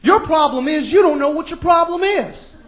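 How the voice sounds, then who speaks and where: A man's voice: very high-pitched, expressive, moderate pace, a bit bright, voice pushed up. A man impersonating a smug, bullying middle-aged male TV advice doctor who badgers and repeats himself. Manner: condescending, repetitive, badgering.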